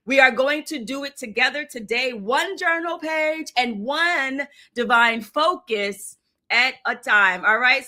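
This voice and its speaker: A woman hosting a livestream talk show, loud and energetic, with a sing-song, preacherly way of talking. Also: high-pitched. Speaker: host. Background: hip hop music.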